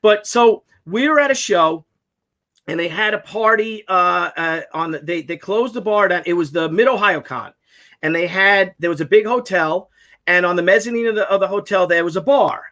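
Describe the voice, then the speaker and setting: A man's voice: sits high, moderate pace. A man telling a long anecdote in casual chat, rambling and restarting, swearing freely, on a video call. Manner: rambling, animated storyteller with many restarts. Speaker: podcast co-host.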